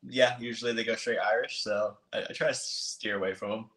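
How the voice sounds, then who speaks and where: A man's voice: lowish voice, fairly even intonation, a little fast, a bit bright, a little hiss or hum. A young man in his twenties, a podcast guest, chatting casually and hesitantly with many ums and restarts. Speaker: guest, motocross racer. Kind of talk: casual interview chat. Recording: roomy echo.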